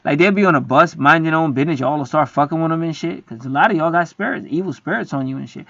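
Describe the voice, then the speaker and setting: A man rambles through a profane, preachy monologue, swearing freely as he goes. His voice sits a little high. The recording is dry and dull, with a lo-fi edge. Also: quick pace, gravelly, few pauses, fairly bright tone, no room sound. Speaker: spiritual video host. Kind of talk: casual monologue to camera.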